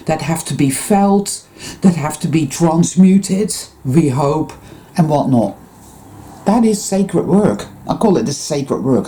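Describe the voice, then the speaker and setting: A woman talks straight to her viewers in a rambling spiritual monologue. Her voice sits low and warm, with a very dark tone. Her pitch swings widely as she turns intense and sprinkles in curses. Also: slight background noise. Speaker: spiritual vlogger.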